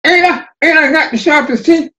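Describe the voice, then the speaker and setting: A man doing a crowing, high-voiced fox. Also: normal speed, pushed and bright. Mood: bragging. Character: boastful male fox with sharp teeth.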